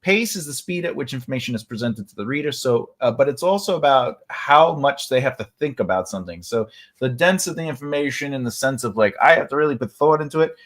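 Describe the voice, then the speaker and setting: A man's voice: mid-range voice, animated, fast talker, fairly bright tone. A man hosting a casual livestream writing lesson from home, chatty and loose, with many fillers and restarts. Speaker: writing teacher and livestream host.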